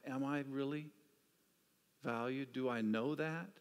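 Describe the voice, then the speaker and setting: A man preaching a sermon, telling stories with an animated delivery that drops to hushed, quiet asides. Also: mid-range voice, a little slow, pauses often, clear, resonant tone. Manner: storytelling, swings from animated to hushed. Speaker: pastor. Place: church sanctuary. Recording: church hall reverb.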